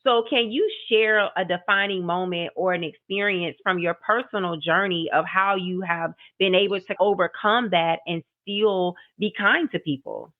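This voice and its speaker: A podcast host asking a guest earnest, measured interview questions. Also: mid-range voice. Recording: tinny phone-like line.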